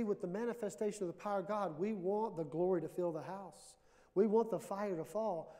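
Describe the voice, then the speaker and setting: High-voiced preacher in echoey church. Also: male voice, a little mellow. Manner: emphatic, builds to stretched-out declarations. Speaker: pastor. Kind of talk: sermon. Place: church sanctuary. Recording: reverberant church hall.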